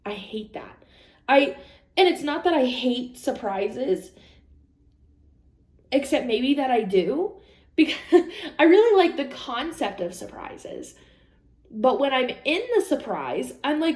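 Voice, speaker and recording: A young adult vlogger chats candidly and ramblingly, full of laughs and quotes of what she and others said. Her voice sits on the high side with lively intonation and a darkish tone, at normal speed, recorded in an echoey room.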